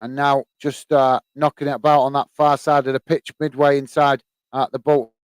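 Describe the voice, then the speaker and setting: A man's voice: mid-range voice, flat delivery, fairly quick, smooth, no echo. Chatty man hosting a match watch-along. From England. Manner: chatty, many fillers, bursts into shouts at goals. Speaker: host of a football watch-along stream. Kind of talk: live match commentary and chat.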